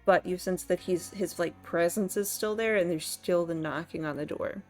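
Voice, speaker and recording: A woman's voice: fairly low pitch, moderate pace, faint music behind. A woman narrating as game master of a tabletop game, rambling with many fillers. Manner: rambling, filler-heavy, amused.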